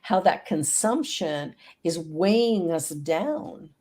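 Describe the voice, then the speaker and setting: A woman's voice: lowish voice, animated, slow, dark tone. A middle-aged woman talking in an earnest, upbeat way during a casual video-call chat. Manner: earnest, upbeat, speaks of prayer and affirmations.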